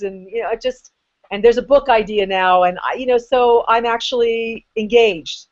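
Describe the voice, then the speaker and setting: A woman's voice: mid-range voice, normal speed. A woman chatting casually as a guest, rambling and restarting, with an ongoing throat illness. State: sick, throat issue. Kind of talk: casual conversation. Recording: dull lo-fi sound.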